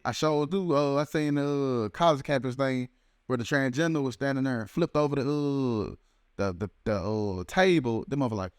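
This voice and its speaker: On a casual podcast, a male co-host with a clear, resonant mid-range voice tells rambling, profane stories that halt often. The recording is clean studio sound with no echo.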